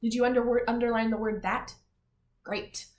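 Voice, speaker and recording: A woman teaching a lesson to young children, patient and clear, sounding out letters and words one by one. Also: fairly high pitch, flat delivery, moderate pace. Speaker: elementary school teacher. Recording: roomy echo, faint background noise.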